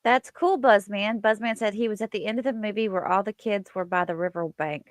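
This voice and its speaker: A woman's voice: medium pitch, a little fast, no room sound, studio quality. A woman hosting a casual livestream, chatting with viewers and reading their comments aloud. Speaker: livestream host.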